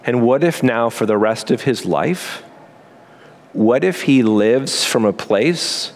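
A man preaching a sermon as pastor, earnest and emphatic, with quick asides and slow pauses. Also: medium pitch, lively intonation.

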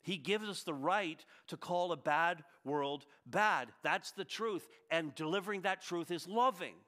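Bright-voiced male pastor preaching. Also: high voice, measured pace. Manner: emphatic preaching, swinging from loud to hushed. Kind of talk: sermon.

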